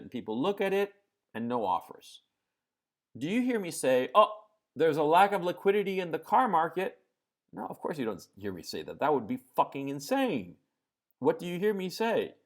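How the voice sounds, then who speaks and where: A man hosting a live stream, ranting about politics and the economy with lots of swearing. He explains with everyday examples, drops into sarcastic mock quotes and checks in with his viewers. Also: medium pitch.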